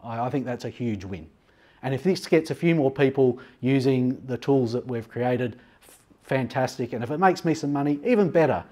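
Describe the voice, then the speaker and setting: A man presenting software to teachers in a conference session room, his pitch sitting in an ordinary middle range. He talks in a loose, conversational way, filling pauses with ums and uhs and dropping in frank personal asides. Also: animated. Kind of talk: live conference demo talk.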